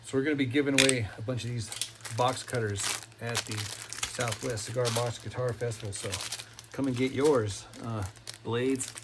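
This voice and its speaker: A man's voice: mid-range voice, fairly even intonation, moderate pace, noisy background. A man with a folksy, rambling manner who often repeats himself, giving a casual step-by-step demonstration at his workbench in a home workshop. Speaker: cigar box guitar builder.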